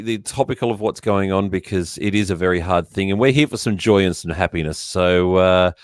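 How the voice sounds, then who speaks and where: A man's voice: low voice, brisk, hardly any pauses, clean tone, dry recording, studio quality. An Australian man hosting a casual live-stream chat, talkative and often laughing. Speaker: host.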